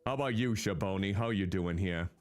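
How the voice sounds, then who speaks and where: Here a VTuber, a man with a voice that sits low, streams a life-sim game at a slightly quick clip. He comments casually and chats with the characters in an animated way, over faint game music.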